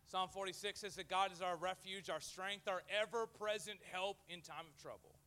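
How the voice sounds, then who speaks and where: A man preaching a sermon as pastor to a live church audience, lively and joking, acting out the voices he quotes. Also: high voice, moderate pace.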